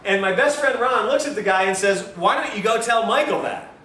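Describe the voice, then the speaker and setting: A man's voice: high voice, brisk, pushed and bright. A man giving a health lecture to a live class, telling stories and acting out the dialogue, laughing often. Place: lecture room. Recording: echoey lecture room, distant mic, faint hiss.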